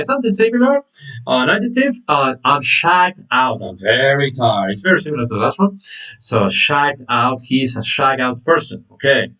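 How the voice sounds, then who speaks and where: A man's voice: mid-range voice, a bit bright, far from the mic, low-quality recording. A man teaching an online English lesson, repeating words, saying "okay" often and greeting viewers by name.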